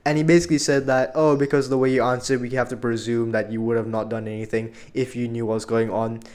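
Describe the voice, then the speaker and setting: A man's voice: mid-range voice, fast. A young man casually telling a story about his school days, rambling and full of fillers. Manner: rambling, filler-heavy, animated retelling.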